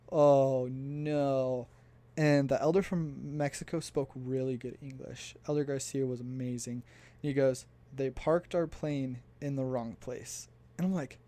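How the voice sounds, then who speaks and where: A man's voice: medium pitch, warm tone. A young man from the United States casually telling a story for his vlog, chatty and laughing as he recounts. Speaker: vlogger.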